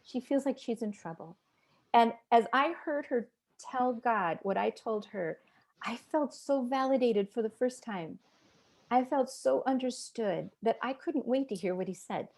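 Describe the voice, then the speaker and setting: A woman's voice: a little high, a little slow, a little mellow. A woman, around her fifties, giving a personal testimony as an interview guest, earnest and emotional as she tells it and acts out the voices she quotes.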